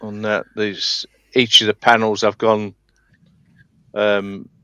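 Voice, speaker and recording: A man talks hobby shop with friends over a video call, unhurried and full of ums and restarts. His voice sits a little low and the sound is dry and close. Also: little pitch movement, sharp tone, clean tone, dry recording, low-quality recording. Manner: hesitant, many ums and restarts. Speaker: scale modeller on a live panel. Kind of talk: casual chat.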